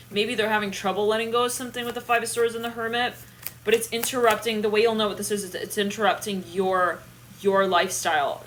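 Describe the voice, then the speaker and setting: A young woman giving a live tarot reading, animated and thinking aloud, with bursts of laughter and swearing. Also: mid-range voice, slight background noise. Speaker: tarot reader.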